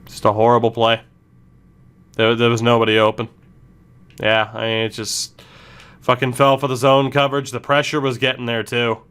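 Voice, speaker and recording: A man's voice: medium pitch, little pitch movement, normal speed, pauses often, a bit bright, clean tone. Frustrated, swearing gaming streamer man. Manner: frustrated, swearing, self-blaming rants. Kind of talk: live gameplay commentary.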